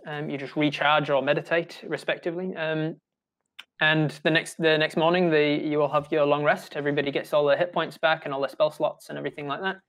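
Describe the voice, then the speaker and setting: Halting New Zealand man running a game. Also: on the high side, level tone, a bit bright. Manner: halting, full of ums and restarts. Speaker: game master. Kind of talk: narrating a tabletop game.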